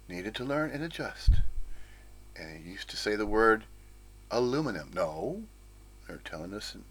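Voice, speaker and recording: A man's voice: lowish voice, fairly bright tone, breathy edge. A man from the United States giving an informal, rambling spiritual talk, with frequent chuckles and playful asides. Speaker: spiritual teacher.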